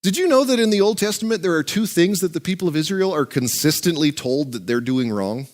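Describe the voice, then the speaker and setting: A man's voice: on the high side, lively intonation, brisk. A male pastor preaching a sermon in a joking, conversational way.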